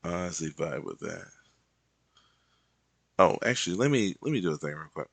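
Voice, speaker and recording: A man's voice: low voice, animated, normal speed, gravelly, a bit bright, no echo. A man chatting casually while he works on digital art, rambling and playful, drifting into humming and little songs between remarks. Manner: rambling and playful, hums and sings to himself. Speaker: digital artist and content creator.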